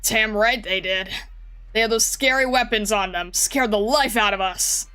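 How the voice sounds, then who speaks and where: A woman's voice: mid-range voice, moderate pace, pushed and bright, smooth, lightly acted. A woman voicing a wary, defensive middle-aged male farmer who talks in a blunt, grumbling way, over faint background music.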